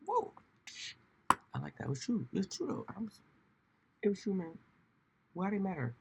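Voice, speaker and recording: A man hosting a casual solo commentary show, rambling and animated, often slipping into mocking voices when he quotes people. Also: high voice, normal speed, gravelly, muffled recording, background noise. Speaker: podcast host.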